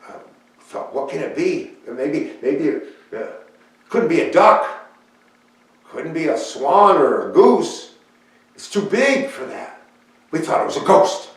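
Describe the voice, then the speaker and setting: A man speaking as the fisherman Peter, telling his story in a plain, folksy and halting way. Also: on the high side, very animated. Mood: storytelling. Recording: echoey room, voice picked up from far off.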